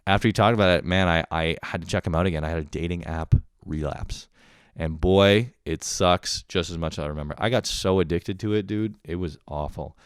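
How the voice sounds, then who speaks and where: Low-voiced, profane young man rambling. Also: fairly quick, clear, resonant tone, dry recording, clean studio sound. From Canada. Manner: profane, rambling, laughing often. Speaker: podcast host. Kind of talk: casual monologue.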